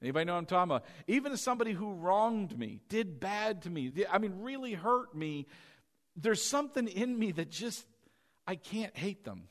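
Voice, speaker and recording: A male pastor preaching a sermon, swinging between fervent shouts and quiet, confiding asides. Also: high voice, sing-song, normal speed.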